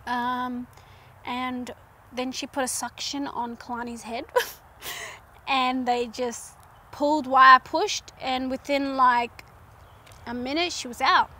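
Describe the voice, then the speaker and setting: Young woman vlogger, high bright voice, chatty and animated, retelling a personal story with fillers. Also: takes it slowly, pauses often, slight background noise. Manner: animated retelling, acts out her own past lines. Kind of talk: casual storytelling vlog.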